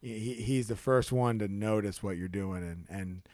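A man co-hosting a podcast, telling stories in a casual, animated way. He acts out the people he quotes in a high, excited voice and often restarts his sentences. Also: normal speed, dry recording, studio quality. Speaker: podcast co-host. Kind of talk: casual storytelling chat.

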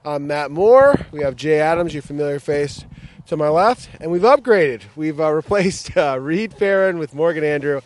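A man's voice: on the high side, normal speed, a little hiss or hum. Upbeat American man hosting a podcast. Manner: upbeat, filler-heavy, joking. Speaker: podcast host. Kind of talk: casual sports podcast chat. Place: outdoors at a training ground.

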